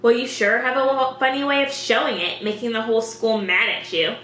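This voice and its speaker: Woman reading as a sharp-tongued teenage girl. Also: on the high side, steady tone, fairly quick, reverberant, a little hiss or hum, close to an everyday voice. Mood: accusing.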